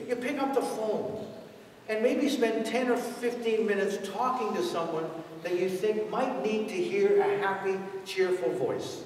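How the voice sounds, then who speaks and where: High-voiced priest preaching in an echoey church. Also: male voice, distant mic, slight background noise. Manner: conversational preaching with rhetorical questions. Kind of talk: sermon. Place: large church.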